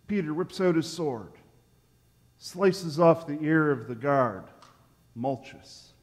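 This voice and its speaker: A man pastor preaching a sermon in a church sanctuary, telling the story in an animated way and acting out the quotes. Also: fairly high pitch, slow, in a large hall.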